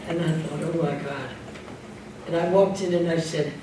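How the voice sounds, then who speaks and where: An older actress telling lively backstage stories as an interview guest, laughing often and mimicking others. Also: female voice, on the low side, slow, long pauses. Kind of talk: anecdotal storytelling Q&A. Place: club room with live audience. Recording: echoey room, distant mic, background noise.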